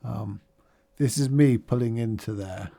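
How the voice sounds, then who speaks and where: A man's voice: mid-range voice, unhurried, creaky, dark tone. Chatty middle-aged man, upbeat video diary. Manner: chatty and upbeat, rambling asides with fillers. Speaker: charity challenge fundraiser. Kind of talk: casual video diary recap.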